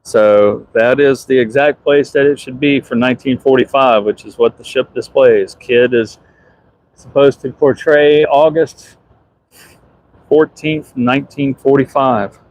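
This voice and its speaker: A man with a Southern US accent talks casually through a live stream, filming from outdoors on a ship's deck. He answers viewer comments as he goes, in a voice of middling pitch, picked up by a handheld phone. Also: steady tone, unhurried, a little mellow, a little hiss or hum, poor audio. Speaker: ship superintendent.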